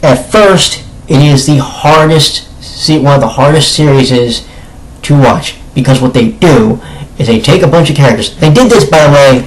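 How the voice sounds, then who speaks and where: A man giving a casual spoken anime review, chatty and emphatic. He often corrects himself mid-sentence, and his voice is slightly hoarse with some throat-clearing. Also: a little high, moderate pace, slight background noise, low-quality recording.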